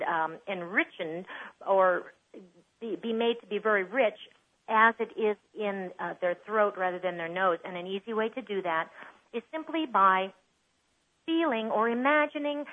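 A woman voice coach explaining how to speak well as a guest in an interview, with fillers and restarts. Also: mid-range voice. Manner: warm explanatory, demonstrates voices. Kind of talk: interview over the phone. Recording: tinny phone line.

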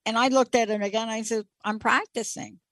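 A woman's voice: on the high side, fairly even intonation, quick pace, no room sound. A middle-aged woman hosting a show, telling a personal story in a reflective, emphatic way and repeating key words for weight. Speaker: show host.

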